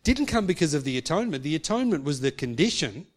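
A man's voice: on the high side, big pitch swings, fast talker. A man preaching a sermon, earnest, acting out quoted speech and rising to emphatic peaks. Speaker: pastor.

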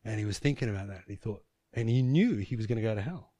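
A man's voice: fairly low pitch, lively intonation, quick pace, mellow, no room sound, clean studio sound. A man preaching a sermon, telling a personal story in vivid scenes, often restarting his sentences.

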